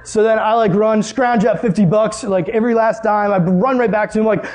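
A man's voice: fairly quick, few pauses. A young man preaching to a youth group, telling a funny story and acting out both sides of the conversation. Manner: animated, jokey, acts out dialogue with big pitch jumps. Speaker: youth pastor. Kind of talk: sermon with storytelling.

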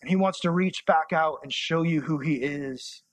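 A young man preaching a sermon as a youth pastor, conversational and impassioned, sometimes dropping to soft, intimate tones. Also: on the high side, moderate pace.

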